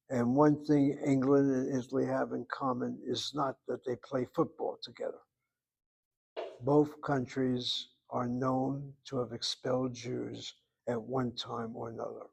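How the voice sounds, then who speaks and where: Slow, deliberate male language teacher. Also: mid-range voice, little pitch movement, vocal fry, breathy edge. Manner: slow, deliberate spelling-out of words, musing asides. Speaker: Hebrew teacher. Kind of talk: classroom lecture. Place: classroom.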